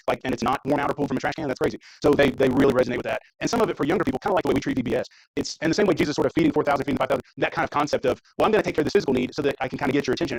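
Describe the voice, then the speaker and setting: Fast-talking gravelly-voiced male preacher. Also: mid-range voice, no room sound, poor audio. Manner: fast, conversational, self-interrupting. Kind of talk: sermon with mission trip slideshow. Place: church sanctuary.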